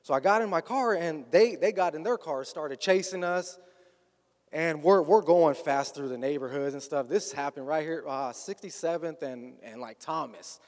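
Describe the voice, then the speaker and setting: A man's voice: a little high, moderate pace, darkish tone. A man telling a personal story in a conversational way, often slipping into quoted dialogue. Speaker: guest recounting his past. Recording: long hall reverb.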